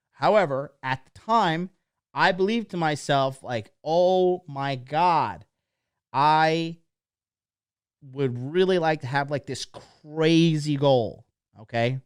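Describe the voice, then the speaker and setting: A man's voice: fairly high pitch, no room sound, clean studio sound. A man in his thirties, a dating coach telling a rambling story in a blunt, profane motivational monologue.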